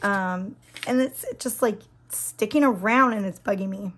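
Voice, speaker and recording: A woman in her thirties with a hoarse, scratchy voice that drops into whispers, chatting and gushing while doing her nails. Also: mid-range voice, a little slow, fairly bright tone. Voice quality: breaks into whispers. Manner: chatty, gushing, many fillers. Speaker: nail vlogger. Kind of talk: casual chat while doing a manicure.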